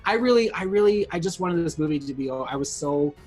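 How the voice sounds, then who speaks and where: A co-host of a casual film review with a mid-pitched voice, rambling through restarted sentences and sinking lower when complaining. Faint music sits behind the voice. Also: expressive, quick pace, a little mellow, slightly rough.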